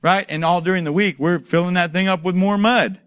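A man preaching a sermon with a fairly high voice, recorded close and dry. He moves from quiet storytelling to emphatic, rising exhortation, peppered with rhetorical questions and acted-out asides. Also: fairly even intonation, a little fast, clear, resonant tone, dry recording. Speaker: pastor.

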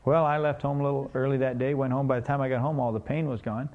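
A man's voice: mid-range voice, fairly even intonation, fast, narrow, tinny audio. A man preaching a sermon, telling a story and asking the congregation questions in a conversational way.

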